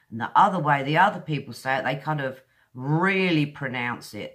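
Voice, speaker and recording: A woman from England with a modern English accent, teaching pronunciation in a chatty video lesson and slowly repeating sounds to demonstrate them. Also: extremely low pitch, expressive, fairly bright tone. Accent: modern southern English.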